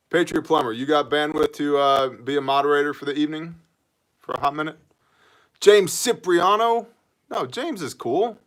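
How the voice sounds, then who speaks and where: A man hosting a casual livestream, reading out viewer comments and greeting people with quick jokes. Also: on the high side, a bit bright. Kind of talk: casual live chat.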